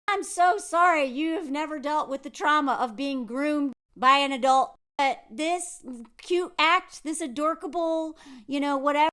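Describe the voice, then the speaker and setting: Sarcastic high-voiced American woman ranting. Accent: Southern American. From United States. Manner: sarcastic, mocking, swings between loud and soft. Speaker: political commentary vlogger. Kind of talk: ranting commentary to camera.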